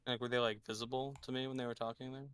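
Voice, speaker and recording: Hesitant male player, flat and slow, crisp dry sound. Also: mid-range voice. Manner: hesitant, halting questions. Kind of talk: tabletop game chat.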